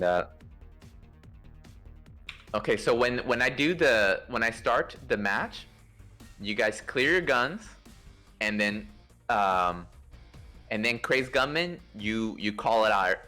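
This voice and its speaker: Guy running a game playtest on voice chat, lots of ums, kinda low voice. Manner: instructive, relaxed, many fillers and restarts. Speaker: play-test organizer directing pilots. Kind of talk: casual game coordination over voice chat.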